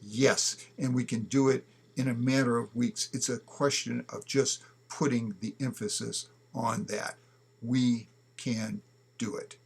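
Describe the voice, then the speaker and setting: A man's voice: mid-range voice, steady tone, a little slow, creaky, breathy edge. A man giving an emphatic opinion talk, often checking in with "okay?" as he argues. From United States. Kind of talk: opinion commentary to camera.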